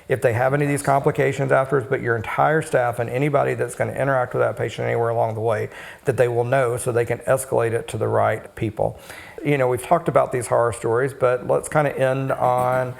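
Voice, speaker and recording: A man who works as a cosmetic injector, co-hosting an educational podcast and explaining steadily with frequent pauses. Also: medium pitch, vocal fry.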